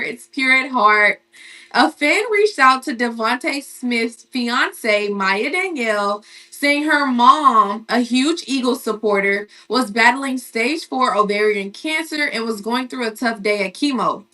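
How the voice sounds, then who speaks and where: Woman co-host, bright voice a little up in pitch, chatty and emphatic, sounds a bit off mic. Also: distant mic. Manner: chatty, emphatic, repeats phrases. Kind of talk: casual sports and celebrity chat.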